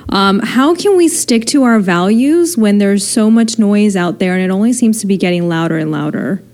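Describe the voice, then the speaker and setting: A woman co-hosting a radio talk show, asking a measured question. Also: mid-range voice, lively intonation, a little mellow. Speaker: radio co-host.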